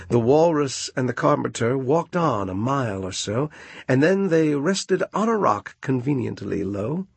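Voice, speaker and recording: Man reading a poem slowly, gravelly husky voice, lots of ups and downs. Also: mid-range voice, no room sound. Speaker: storyteller.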